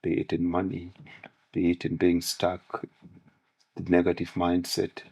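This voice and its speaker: A man's voice: deep voice, completely flat delivery, unhurried, creaky, darkish tone, husky. A man as a podcast guest on manhood, speaking in parables and analogies. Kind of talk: podcast conversation with storytelling.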